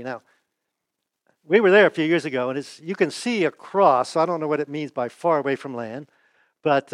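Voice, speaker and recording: A man's voice: fairly high pitch, a bit bright, no room sound. Folksy, conversational male pastor preaching. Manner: asks the audience rhetorical questions; folksy, chuckles and restarts. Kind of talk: conversational sermon.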